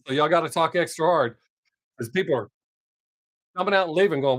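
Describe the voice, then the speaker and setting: A man's voice: a little high, sing-song, moderate pace, a bit bright, no echo, clean studio sound. A man hosting his own live stream, chatting casually with viewers, reading their comments and swearing freely. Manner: profane, laid-back, talks to chat viewers by name.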